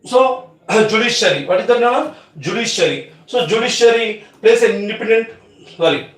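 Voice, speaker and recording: High-voiced guy doing exam revision, lots of uh's, sounds far off in a very echoey room. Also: animated, fairly bright tone. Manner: halting, many fillers and restarts. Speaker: teacher. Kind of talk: online exam revision class.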